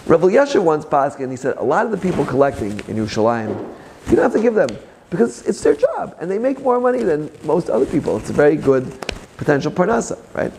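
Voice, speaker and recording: A man's voice: fairly high pitch, fast, creaky, slight background noise. A man speaking as a rabbi, giving a Torah class with personal stories and joking asides. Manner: animated storyteller with joking asides.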